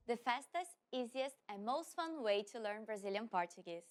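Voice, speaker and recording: High-voiced woman hosting a language lesson. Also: animated, faint music behind. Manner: upbeat, clear, slows down for repetition. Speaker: language teacher host.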